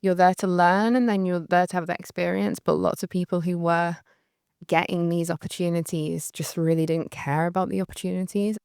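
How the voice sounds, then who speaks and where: A young woman with a light Northern English accent telling a candid, rambling story, full of fillers and quick laughs. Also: lowish voice, steady tone, vocal fry, darkish tone, clear, resonant tone, dry recording, clean studio sound. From Northern England. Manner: chatty, rambling, laughs often, many "like" fillers. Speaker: photographer recalling her career. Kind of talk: candid anecdotal monologue.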